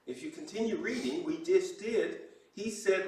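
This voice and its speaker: High-voiced guy preaching, acts out the characters, big echoey church, kinda far from the mic. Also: moderate pace. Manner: animated storytelling, acting out quoted voices. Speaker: pastor. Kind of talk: sermon. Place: church sanctuary.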